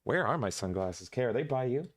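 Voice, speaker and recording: A man's voice: mid-range voice, animated, fairly quick, crowd noise. A man co-hosting a podcast in goofy, theatrical casual chat, breaking into shrieks. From Canada. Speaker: podcast co-host.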